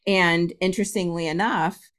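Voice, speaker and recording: A woman's voice: fairly low pitch, steady tone, moderate pace, a bit bright, smooth. A middle-aged woman, a spiritualist medium and podcast guest, telling a personal story with lots of laughter and acted-out quotes. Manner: laughs often, acts out quoted voices.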